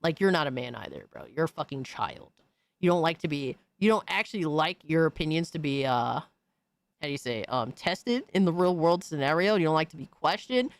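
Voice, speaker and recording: A man's voice: on the high side, expressive, fairly quick, no echo. A man hosting a stream, ranting in a blunt, profane and mocking way full of slang. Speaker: streamer host. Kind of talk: casual profane rant.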